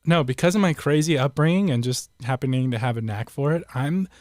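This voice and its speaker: A man's voice: mid-range voice, fairly quick, darkish tone, no echo. Man in his thirties, casual co-host, joking and self-deprecating, dry close sound. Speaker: producer and co-host. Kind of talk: casual live-stream chat.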